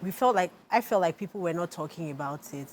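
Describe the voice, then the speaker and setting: A woman's voice: fairly low pitch, expressive, quick pace, darkish tone, slight background noise. A Nigerian woman, an author and lawyer, answering interview questions earnestly and reflectively.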